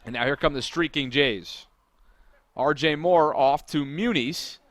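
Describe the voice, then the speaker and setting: A man doing live play-by-play commentary for a college soccer broadcast, steady between plays and rising to shouted calls on big moments. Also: on the high side, unhurried.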